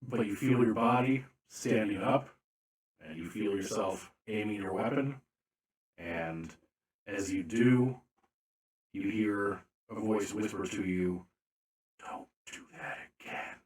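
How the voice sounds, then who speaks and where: A man narrating a tabletop game as game master, slow and deliberate with frequent fillers. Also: fairly low pitch, roomy sound.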